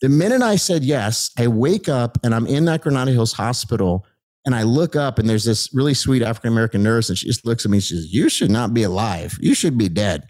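Excited middle-aged man telling his story. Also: medium pitch, fairly quick. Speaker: guest telling his testimony. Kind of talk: animated storytelling.

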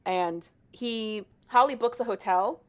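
A woman's voice: a little high, slow pace. A young adult woman, a married podcast co-host, retelling a story in casual chat and acting out the characters' lines. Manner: animated, acts out characters' lines with swearing and laughter.

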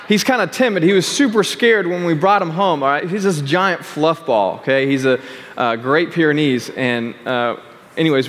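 Chatty young pastor in a reverberant hall. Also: male voice, fairly high pitch, a bit bright. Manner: chatty, repeats "all right" and "okay" to check in with listeners. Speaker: youth pastor. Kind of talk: casual youth sermon. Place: large hall with a live youth audience.

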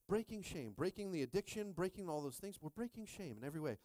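Animated man preaching a jokey sermon. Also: sits high, fast, few pauses, no echo. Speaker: pastor.

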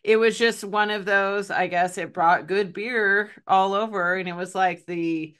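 A woman's voice: medium pitch, fairly even intonation, measured pace, fairly bright tone, clear, resonant tone. A woman telling a story in a casual podcast chat. She laughs often and fills her talk with "like". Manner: chatty, laughs often, many "like" fillers.

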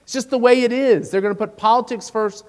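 A man's voice: steady tone, fast talker. A man giving a rousing, folksy speech to a conference audience. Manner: rousing, folksy, drops low on closing phrases. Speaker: conference speaker. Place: large convention hall. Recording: long hall reverb.

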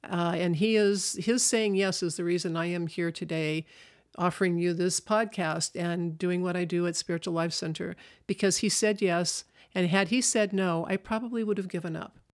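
A middle-aged minister hosting a spiritual podcast, speaking slowly and gently in a measured, reflective way and posing rhetorical questions. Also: medium pitch, steady tone.

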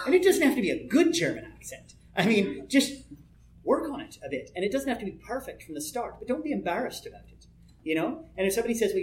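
A man giving a conversational workshop talk on building role-play personas, rambling with frequent asides and chuckles. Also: high-pitched. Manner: rambling, chuckling, many "you know" asides. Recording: echoey room.

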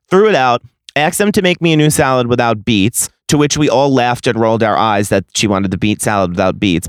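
A man's voice: medium pitch, no room sound, studio quality. Profane, ranting man in his late twenties. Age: late 20s. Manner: profane, exasperated ranting with heavy sarcasm. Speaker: podcast host. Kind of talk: solo podcast storytelling.

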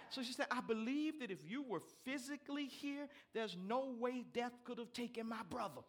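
A male pastor a sermon, reading scripture and breaking into lively asides to the congregation. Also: very high-pitched, moderate pace, hardly any pauses. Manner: animated preaching with asides to the congregation.

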